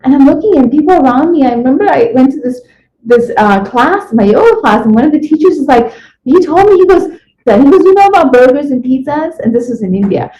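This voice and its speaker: A woman speaks in a casual interview, winding through a personal story and acting out the voices of others. Her voice sits a little high with a soft, mellow tone. The sound is dull and lo-fi, with a roomy echo around it. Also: fast talker, a little hiss or hum. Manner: rambling, animated retelling with acted-out quotes. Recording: echoey room, dull lo-fi sound.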